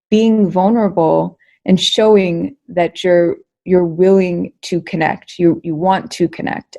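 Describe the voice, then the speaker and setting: A young adult woman, a guest researcher and comedian, answering interview questions in an energetic, chatty way, full of fillers and repeated words. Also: on the low side, gravelly.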